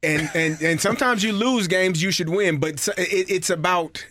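A man co-hosting sports talk radio, speaking in a lively way with frequent laughs and repeated words. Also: high voice, moderate pace, no room sound.

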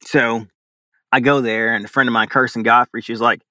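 This young Louisiana animal caller, a guest in an interview, drawls through a story, voicing its other characters and laughing throughout. He speaks at medium pitch and normal speed in a level but pushed, bright tone, close and dry with no echo.

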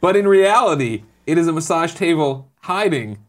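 Guy cohost, kinda high voice, goofing around with bits on a morning show. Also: lively intonation, normal speed, a bit bright. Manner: playful, building up silly bits. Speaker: co-host. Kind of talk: casual comedic chat.

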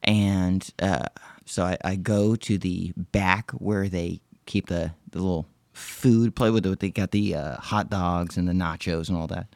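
A man's voice: deep voice, steady tone, measured pace, vocal fry, a little mellow, dry recording, studio quality. A man casually telling a story on a podcast, rambling and profane, with many restarts and fillers. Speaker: podcast host.

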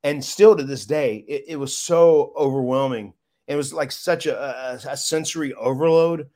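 A man speaking as an interview guest, his voice at a middle pitch. He tells his story in a loose, heartfelt way. He keeps stumbling over his words and starting again. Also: moderate pace, warm tone. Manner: emotional, rambling with many restarts. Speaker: guest, former wrestler.

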